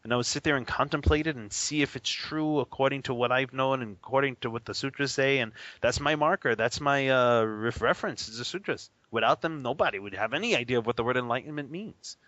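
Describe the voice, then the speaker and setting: A man teaching about Buddhist practice in a casual, animated way, often laughing and acting out the people he quotes. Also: mid-range voice, fast talker, few pauses, no room sound, lo-fi sound. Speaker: Buddhist teacher on a radio show.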